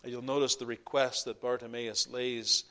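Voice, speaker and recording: A pastor preaching a sermon to his congregation, impassioned, swinging between loud peaks and hushed drops. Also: mid-range voice, level tone, moderate pace.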